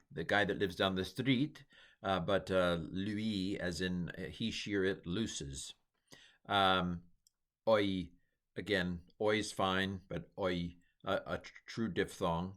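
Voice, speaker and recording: Middle-aged man, lowish voice, casual rambling lecturer with lots of fillers. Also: measured pace, a bit bright. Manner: rambling, self-deprecating, many fillers. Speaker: teacher. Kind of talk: informal lecture.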